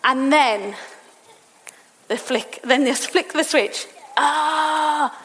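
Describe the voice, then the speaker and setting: A woman with an English accent preaching a sermon, animated and lively, sometimes getting exasperated as she acts out the characters in the story. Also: high-pitched, takes it slowly. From England. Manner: animated, rising to exasperated outbursts when reading characters. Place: church meeting in a school hall. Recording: echoey hall.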